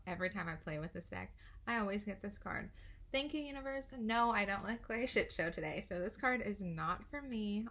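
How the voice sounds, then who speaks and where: A woman's voice: medium pitch, fairly bright tone. A young woman casually reading oracle cards, chatty and giggly, swearing freely. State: out of breath. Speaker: tarot card reader.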